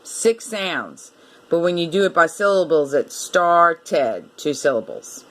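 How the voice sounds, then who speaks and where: A woman teaching a reading lesson to children, repeating each word and sounding it out letter by letter in a slow, deliberate way. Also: lowish voice, lively intonation.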